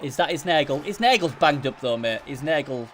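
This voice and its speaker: A man with a broad Hull accent talks his way through a game in loose, rambling commentary and teases his co-caster as he goes. His voice sits a bit high for a man. A faint hiss runs under the recording. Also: animated, a little fast. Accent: Hull, Yorkshire. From England. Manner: chatty, rambling, teasing.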